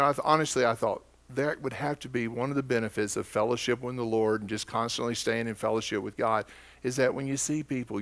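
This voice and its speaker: A man's voice: medium pitch, vocal fry, fairly bright tone. A man with an Oklahoma accent preaching a sermon as pastor, telling stories in a folksy, conversational way.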